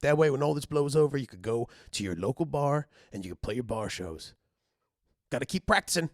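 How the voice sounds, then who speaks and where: A man playing a chipper bunker dweller and former bar bassist, talking in a folksy, rambling comedy monologue that keeps interrupting itself. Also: expressive, a little fast, no room sound, studio quality, close to an everyday voice. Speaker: comedy character host.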